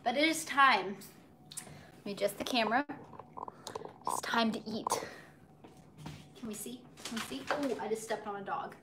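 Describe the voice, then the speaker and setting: A woman's voice: a little high, moderate pace, pauses often, noisy background. A young woman chatting casually to viewers while cooking live in her home kitchen, recorded on a phone on a tripod. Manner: bubbly, chatty, talks to viewers and her dog. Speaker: cooking livestream host.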